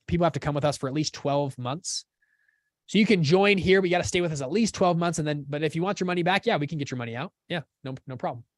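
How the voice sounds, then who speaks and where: A man's voice: fairly high pitch, dry recording. A man hosting a live teaching session, casual and upbeat, often checking that listeners follow along. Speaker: course host.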